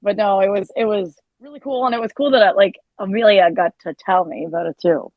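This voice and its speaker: A woman guest chatting casually on a podcast, telling a story with lively quoted asides and frequent laughs. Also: mid-range voice, a little fast, no room sound, dull audio. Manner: animated storytelling, quotes herself, laughs often. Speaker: guest, country musician and teacher.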